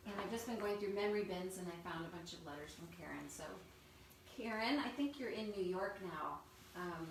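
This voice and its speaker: A woman's voice: on the low side, a little hiss or hum. A woman singer-songwriter, from New Jersey and raised in Missouri, chatting informally and telling stories as she hosts a live stream. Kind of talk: casual live-stream chat. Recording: roomy sound, mic at a distance, music behind.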